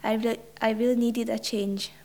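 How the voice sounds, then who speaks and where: A woman's voice: on the high side, flat delivery, normal speed, mellow. A woman reading a short story aloud, hesitant, with ums and repeated words. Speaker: story reader.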